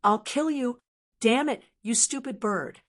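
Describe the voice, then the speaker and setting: A woman voicing a foul-mouthed, whiny male talking blackbird in an audiobook, with a sharp voice and a constant stream of complaints and curses. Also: fairly high pitch, a little slow, voice pushed up, close to an everyday voice. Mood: annoyed. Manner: cursing and complaining. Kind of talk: audiobook character reading.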